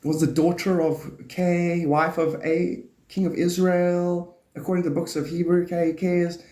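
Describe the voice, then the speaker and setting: Male streamer, rambling and profane, laughs a lot; higher voice, mellow tone, roomy echo. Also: little pitch movement, normal speed. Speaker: live stream host. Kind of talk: rambling casual live-stream chat.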